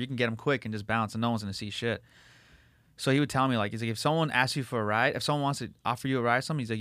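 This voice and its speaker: A fast-talking man hosts a casual podcast chat. He rambles through stories full of curses and fillers. His voice sounds dry and close, with no room sound. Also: medium pitch, fairly bright tone, dry recording. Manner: profane, rambling storyteller with many fillers. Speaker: podcast host.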